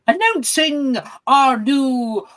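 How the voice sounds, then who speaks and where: A game master voicing a school announcer proclaiming names slowly and grandly. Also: sits high, animated, a bit bright, voice pushed up, exaggerated voice. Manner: slow, drawn-out proclamation.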